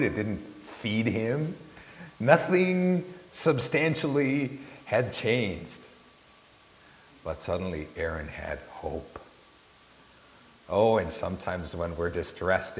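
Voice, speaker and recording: A man preaching a sermon with impassioned swings in pitch and loudness, often repeating words as he restarts a phrase. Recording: echoey hall with faint hiss.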